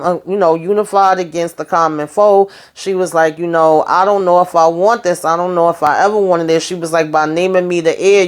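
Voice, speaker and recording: Woman, chatty recap, sassy asides, lower voice, plenty of you-knows. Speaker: show recapper. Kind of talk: casual recap commentary.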